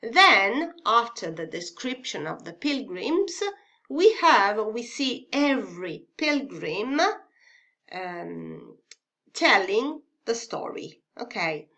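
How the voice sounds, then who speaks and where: A woman teacher with an Italian accent talks through a revision lesson at an unhurried pace. Her voice is bright and clear, and she keeps pausing with fillers and checking in with "okay?". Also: medium pitch, sing-song. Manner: slow and careful, hesitant with many fillers and "okay?" checks. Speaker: English literature teacher.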